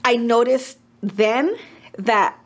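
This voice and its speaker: Animated mother telling a story. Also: a little high, very slow, slight background noise. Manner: animated retelling with acted-out quotes; mixes in Spanish words. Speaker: podcast co-host. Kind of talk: casual storytelling chat.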